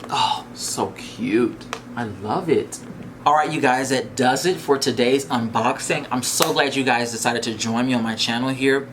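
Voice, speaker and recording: A man's voice: medium pitch, a bit bright, a little hiss or hum. A man hosting a casual unboxing vlog, talking in a gushing, exclamatory way and repeating his phrases. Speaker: vlogger reviewing a bag.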